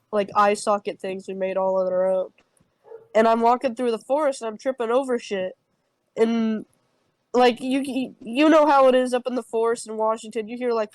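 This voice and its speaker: A woman's voice: fairly high pitch, steady tone, moderate pace, darkish tone, dry recording, poor audio. Rambling, foul-mouthed young woman storyteller. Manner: rambling, heavy swearing, lots of fillers. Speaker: podcast co-host. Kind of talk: improvised comedic campfire story.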